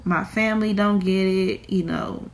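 A woman's voice: medium pitch, fairly even intonation, measured pace. A young woman, crying and rambling in a confessional vlog with many fillers. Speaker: vlogger.

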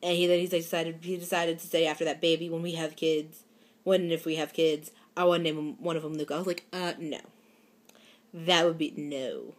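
Young girl rambling to her camera, giggly, lots of um and like, kinda lowish voice. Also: little pitch movement, fast. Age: young adult. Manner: rambling, giggly, many fillers and restarts. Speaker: vlogger. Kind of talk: casual chat to camera.

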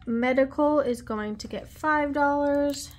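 Unhurried and pitched high, a woman vlogs about budgeting from her desk at home. She talks casually while quietly counting money out loud, tossing in little asides.

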